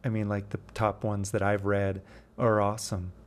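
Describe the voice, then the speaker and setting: A man's voice: on the low side, flat delivery, moderate pace. A man in his fifties hosting a poetry show, talking in a casual, rambling way and often correcting himself mid-sentence. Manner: rambling, with frequent self-corrections and restarts. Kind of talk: casual solo monologue.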